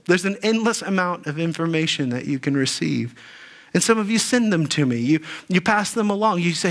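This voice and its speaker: A man's voice: a little high, fairly bright tone. A man preaching a sermon as pastor, earnest, often repeating words and asking the congregation questions. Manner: earnest, repeats words when fired up, asks the crowd questions.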